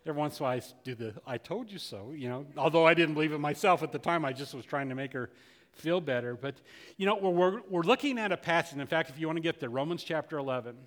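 A man's voice: a little high, lively intonation, quick pace, in a large hall. An older man, a pastor, telling a story in a folksy, conversational sermon with many restarts.

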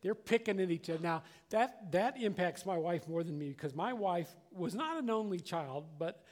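A man's voice: high voice, lively intonation, moderate pace, a little mellow. An older man preaching a conversational sermon as a pastor, earnest and plainspoken, often restarting and repeating words.

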